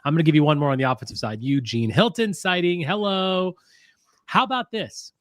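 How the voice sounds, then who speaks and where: A man's voice: on the high side, brisk, no echo, clean studio sound. A man co-hosting a casual sports podcast, giving enthusiastic, emphatic analysis. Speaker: podcast co-host.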